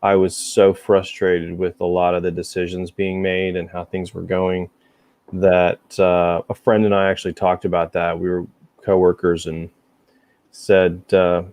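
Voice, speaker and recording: Male podcast host, low-pitched, faint Southern lilt, dry recording, loose and chatty. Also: little pitch movement, moderate pace, darkish tone, dry recording. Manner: chatty, rambling, self-deprecating. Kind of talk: casual chat.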